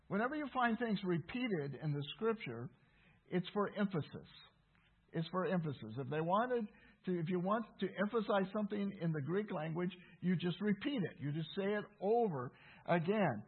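Male pastor, sermon delivery, husky tone, emphatic repetition, lo-fi phone-like recording. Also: sits high, lively intonation, moderate pace. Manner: earnest, emphatic, repeats key phrases. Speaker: preacher. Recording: tinny phone-like sound.

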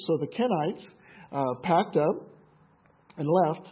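Husky man reading scripture, tinny. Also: sits high, expressive, measured pace. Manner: conversational asides, frequent fillers and restarts. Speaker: Bible teacher. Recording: tinny phone-like sound.

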